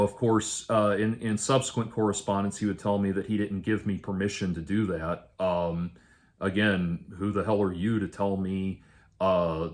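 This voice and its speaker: Man with a somewhat low voice who tells a personal story casually and halts often. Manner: halting, restarts and self-corrections. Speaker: vlogger telling a personal story.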